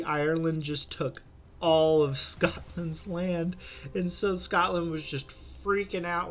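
A man's voice: on the high side, fairly even intonation, takes it slowly, a little hiss or hum. A young man hosting a gaming channel, chatting casually through a strategy game with lots of fillers and restarts.

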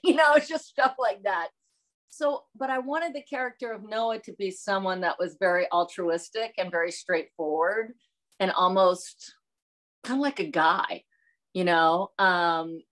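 A middle-aged woman from the American South, chatting in an interview as a guest, lively and quick to laugh, acting out quotes as she tells stories. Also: mid-range voice. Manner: animated, laughs often, acts out quotes. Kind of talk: casual interview chat.

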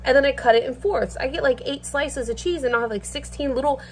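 A woman's voice: high voice, fast talker, a little hiss or hum. Blunt, swearing woman vlogger. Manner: blunt, swears freely, filler-heavy. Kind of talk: casual rant while cooking. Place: home kitchen.

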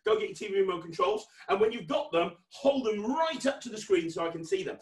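A man with a British accent hosting an interactive children's magic show over video, playful and mock-stern, building to excited shouts. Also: high-pitched, fast talker, hardly any pauses, reverberant, recorded from a distance. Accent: British English. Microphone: webcam.

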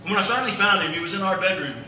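A male pastor preaching a sermon, telling a family story in a folksy, animated way. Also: high-pitched, racing, a little hiss or hum. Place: church sanctuary. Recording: echoey church hall from far off.

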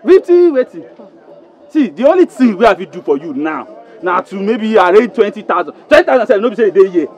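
An actor playing an evasive car dealer with a Nigerian accent in a Nollywood film, trying to calm an angry customer. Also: male voice, sits high, brisk, a faint crowd. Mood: placating. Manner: soothing, evasive, speaking Nigerian Pidgin. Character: fast-talking male car dealer who dodges a refund.

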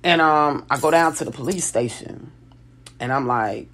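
A woman's voice: a bass voice, normal speed. A woman telling a personal story in casual speech, full of restarts and self-corrections, acting out other people's lines. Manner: animated, restarts and self-corrections, lively quoted voices.

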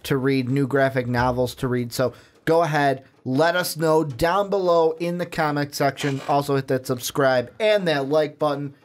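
Brief: man, fairly high voice, earnest and emphatic co-host in casual chat. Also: normal speed, few pauses. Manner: earnest, emphatic, repeats himself.

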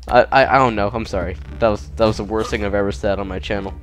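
A young man casually commenting over his own gameplay, excitable and quick to yelp when startled. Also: lowish voice, soft background music. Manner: excitable, yelps and shouts at jump scares. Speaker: gaming channel host.

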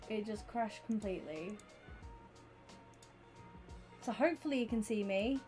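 A young woman streaming live, chatting with her viewers in an excitable, rambling way. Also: mid-range voice, measured pace, faint music behind. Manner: chatty and excitable, talks to chat by name. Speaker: Twitch streamer. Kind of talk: casual livestream chat with viewers.

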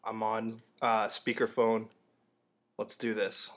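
A young man in a deadpan, casual comedic style, giving mock how-to advice as the host of a comedy video. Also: fairly low pitch, slow.

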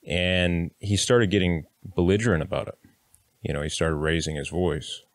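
Deep-voiced blunt man telling a story. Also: fairly even intonation, normal speed, dry recording. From Kansas, United States. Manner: blunt, plainspoken, occasional swearing, acts out quotes. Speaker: vlogger telling his prison story. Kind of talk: casual storytelling to camera.

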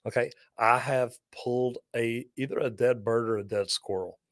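Between viewer comments on his live plumbing question-and-answer show, a man jokes and tells lively, folksy stories. His voice is mid-range at a moderate pace, recorded close and dry with no room sound.

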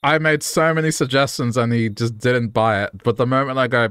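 A man's voice: fairly even intonation, a little fast, few pauses, a bit bright, clean tone, dry recording, clean studio sound. Playful male gaming streamer. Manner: playful, jokey, pitching silly cons. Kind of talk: casual gaming stream chat.

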